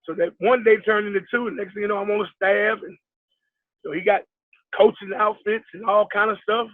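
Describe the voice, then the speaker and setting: High-voiced middle-aged man on a tinny line. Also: fairly even intonation, fairly quick. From New York. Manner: rambling storyteller, acts out quoted talk, many fillers. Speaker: basketball head coach, guest. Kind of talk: casual storytelling interview. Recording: tinny dry phone-like line.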